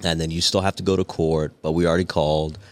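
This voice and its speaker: A man with a very low voice talks as a podcast guest in relaxed, casual chat. He tells a story with lots of swearing and acts out each person in it, jumping up into higher voices for the others. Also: fast, dry recording. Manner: animated, profane storyteller acting out voices. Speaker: podcast guest, cigar company owner.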